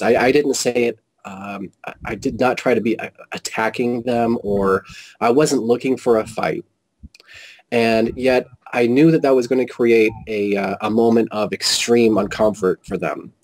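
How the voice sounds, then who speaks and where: A man telling a personal story as an interview guest, animated and quoting whole conversations with frequent restarts. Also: mid-range voice, a little slow, rough recording. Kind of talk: casual storytelling.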